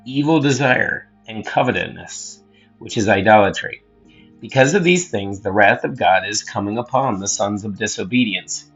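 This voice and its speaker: A man hosting his own channel, reading scripture aloud in a measured, earnest way and adding a casual word study. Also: fairly low pitch, a bit bright, slightly rough, dull audio. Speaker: host and scripture reader.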